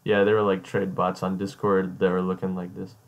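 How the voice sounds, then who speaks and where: A chatty man hosting a loose, casual talk with a friend, with a slightly low voice. He reads out chat messages in a mocking tone. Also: monotone, fairly quick, creaky. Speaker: host.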